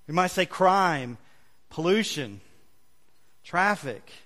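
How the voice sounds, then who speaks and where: A male pastor preaching a sermon, leading the congregation in call-and-response with emphatic, drawn-out phrases. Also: sits high, expressive, a bit bright. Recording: long hall reverb.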